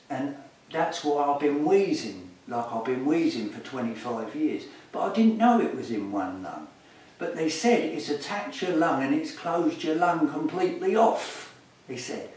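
An older man, talking as a patient in a rambling way that trails off into hesitations. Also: fairly high pitch. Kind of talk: candid conversation. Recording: echoey room, mic far off, faint hiss.

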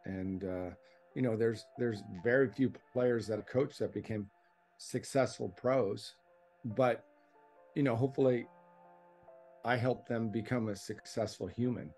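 A man's voice: mid-range voice, unhurried, a little mellow. A man, a tennis coach, reflecting earnestly on his coaching in a tribute video interview. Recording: faint background music.

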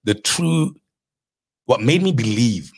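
A man from South Africa, a restaurateur, telling his story in a candid interview, animated and casual, acting out the people he quotes and swearing now and then. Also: mid-range voice, slow pace, gravelly, slightly rough, no echo. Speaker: restaurateur guest.

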